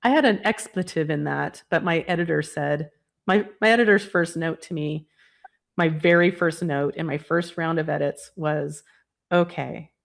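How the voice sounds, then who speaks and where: A woman with a lowish, gravelly voice speaks as a podcast guest. She is frank and chatty, slipping into quoted asides and casual fillers. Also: normal speed. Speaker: guest, energy healer and author. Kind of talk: casual conversational interview.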